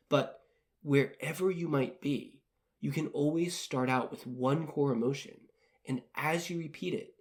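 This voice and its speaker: A man hosting a self-help podcast, talking in a calm, gently coaching way and repeating phrases to guide the listener. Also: mid-range voice. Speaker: podcast host.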